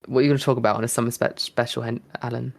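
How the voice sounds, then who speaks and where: A man's voice: mid-range voice, little pitch movement, racing, gravelly. A man co-hosting a podcast in a loose, joking way, full of ums and restarts. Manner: rambling, jokey, many ums and restarts. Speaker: podcast co-host. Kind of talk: casual podcast chat.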